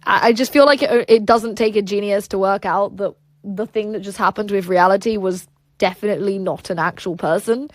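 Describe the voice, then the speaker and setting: A woman's voice: medium pitch, fairly quick, no echo. A woman hosting a casual livestream, reading chat aloud and rambling with lots of "like" and "um" fillers.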